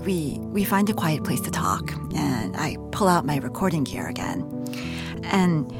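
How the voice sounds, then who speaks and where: A woman in her thirties recounts her own experience in a casual, chatty way, peppering her sentences with "like" and restarting them often. Her pitch swings about with lively animation, and music plays underneath. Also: normal speed. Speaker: radio reporter telling her own story. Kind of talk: casual storytelling.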